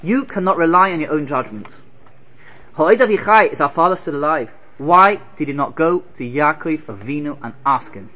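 A man giving an animated Torah lecture, firing rhetorical questions and telling stories. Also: on the high side, a little fast, highs cut off. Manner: animated, rhetorical questions, Hebrew terms woven in. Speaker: Torah teacher.

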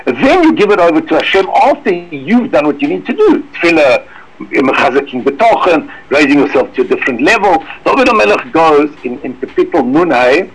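A man giving an emphatic religious lecture, sprinkling in Hebrew and Yiddish terms, with sudden high swoops for emphasis. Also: vocal fry, a little hiss or hum, low-quality recording. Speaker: rabbi giving a talk. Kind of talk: Torah lecture.

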